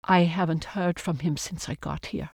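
A woman's voice: on the low side, fairly even intonation, normal speed, creaky, darkish tone, husky, dry recording, clean studio sound. A reader voicing a poised German refugee woman. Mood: composed.

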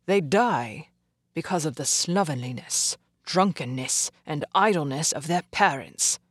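A man's voice: on the high side, lively intonation, moderate pace, a bit bright, slightly rough, dry recording, studio quality, full character voice. A narrator voicing a stern, pompous older male doctor who speaks coldly and acidly. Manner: cold, acid, moralizing.

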